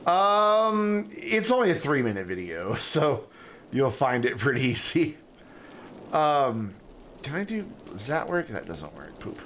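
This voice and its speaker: A man's voice: mid-range voice, very animated, measured pace, fairly bright tone, slight background noise. A man streaming a city-building game, chatting casually and thinking aloud as he plays, his sentences rambling and trailing off. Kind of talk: casual live gameplay commentary.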